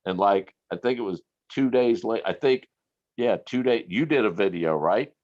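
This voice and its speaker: A man in casual conversation, telling stories in a profane, animated way and laughing often. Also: on the low side, moderate pace. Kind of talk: casual chat. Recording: lo-fi recording.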